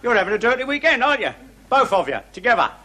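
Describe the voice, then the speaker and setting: An actor playing a boastful, nosy busybody in a TV sketch comedy. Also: male voice, extremely high pitch, very animated, racing, background noise. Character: cocky working-class male busybody, self-praising.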